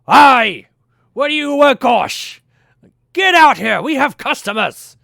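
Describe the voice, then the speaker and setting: Casting: a man playing a loud, high-pitched shouting dwarf smith's brother, brash. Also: big pitch swings, takes it slowly, gravelly, dry recording, studio quality, full character voice. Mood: shouty. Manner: shouting, brash, barking laughter.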